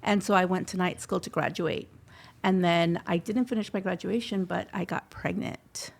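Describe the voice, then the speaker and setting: Heartfelt middle-aged woman, gravelly edge. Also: lowish voice, moderate pace. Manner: heartfelt, drops Spanish phrases into English. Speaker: scholarship recipient guest. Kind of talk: personal story in an interview.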